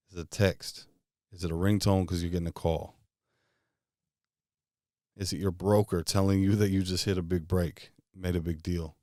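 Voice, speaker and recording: A man with a very deep voice leads a guided visualization, asking one casual question after another. His voice sounds close and dry, with no room around it. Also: warm tone, no echo. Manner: string of rapid questions, casual phrasing. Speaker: motivational speaker.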